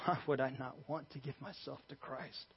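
A man's voice: medium pitch, steady tone, normal speed, slightly rough. A young man preaching a sermon as a youth pastor, emphatic and passionate, often restarting his sentences. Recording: dull sound with long reverb in a large hall.

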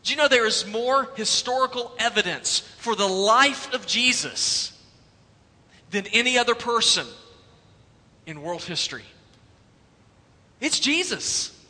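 A high, ringing male voice fills a reverberant church. He preaches with rhetorical questions, lingers on his key points and lets his voice sink quiet near the close. The sound carries a long hall echo and drifts off-mic at moments. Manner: rhetorical questions, slows for emphasis, drops soft at the end. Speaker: pastor. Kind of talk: sermon.

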